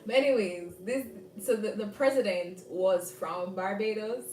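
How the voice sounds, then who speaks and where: Jamaican woman hosting a live chat, lively and laughing, roomy echo, sits back from mic, faint music. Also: medium pitch, a little slow, distant mic. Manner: animated, laughing, banters with viewers. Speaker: livestream host. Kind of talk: casual chat reading live comments.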